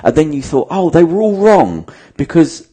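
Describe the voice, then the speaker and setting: A man's voice: fairly high pitch, very animated, moderate pace, warm tone, husky. Emphatic, sweary man. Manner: emphatic, sweary, acts out dialogue. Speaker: podcast host. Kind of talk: casual chat giving advice.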